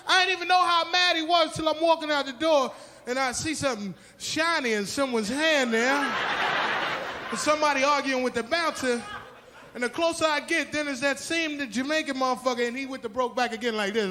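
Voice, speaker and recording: A man from Haiti doing a brash, profane stand-up comedy set on a club stage, telling animated stories. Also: very high-pitched. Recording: live club with loud crowd and noise.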